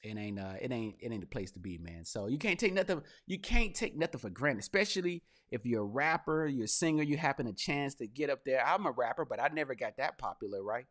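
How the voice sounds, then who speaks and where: Slangy, animated podcast host man. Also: mid-range voice, brisk, few pauses. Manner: animated, slangy, swings loud and laughing into mock rants. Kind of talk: casual commentary monologue.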